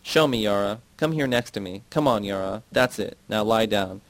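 A man's voice: fairly low pitch, animated, moderate pace, no echo, close to an everyday voice. A man doing a tormented mother, coaxing and unstable. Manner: intense, coaxing then shrieking.

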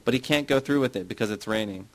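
A man's voice: medium pitch, fast, lightly acted, rough recording. A man reading the part of a middle-aged woman who confesses old memories, then turns sarcastic and provoking.

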